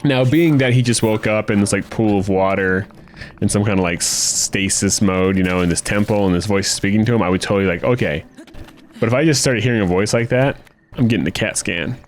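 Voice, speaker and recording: A man's voice: on the low side, brisk, a little hiss or hum. An American man co-hosting a video game let's play, chatting in a rambling, casual way. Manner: chatty, rambling with restarts and asides. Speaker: co-host of a gaming let's play. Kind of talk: casual chat while playing.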